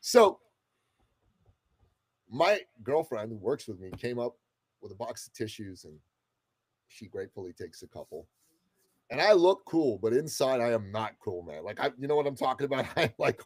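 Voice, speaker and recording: A husky man in his fifties from the Middle East, a guest on a talk show. He tells a story casually and expressively and does not mind swearing. The recording is dry and close. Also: mid-range voice, sing-song, normal speed, long pauses, no room sound. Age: 50s. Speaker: guest entrepreneur. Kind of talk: animated storytelling in conversation.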